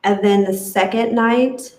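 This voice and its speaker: A woman's voice: medium pitch, steady tone, unhurried, darkish tone, echoey room, low-quality recording. A woman sharing a personal story in an emotional, rambling way, with many fillers. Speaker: retreat guest sharing her experience.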